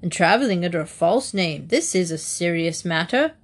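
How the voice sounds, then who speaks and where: A woman's voice: fairly low pitch, animated, normal speed, husky. A woman voicing a stern, officious male immigration officer in a read-aloud storybook.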